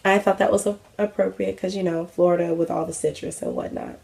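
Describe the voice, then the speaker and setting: A woman's voice: fairly low pitch, a little fast, vocal fry, warm tone. A young adult woman hosting a craft vlog, chatting casually with many fillers and self-mocking asides. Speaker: craft vlogger. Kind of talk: casual chat.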